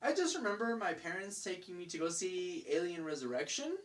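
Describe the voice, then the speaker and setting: Telling the tale of a bad night out, a young adult vlogger rants loosely and casually. The delivery is brisk and very animated, exasperated and profane, packed with fillers and restarts, with a mid-range pitch.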